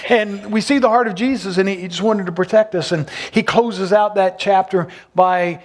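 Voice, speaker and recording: Guy pastor preaching, kinda high voice, tells the story and asks folks questions. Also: moderate pace. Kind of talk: sermon.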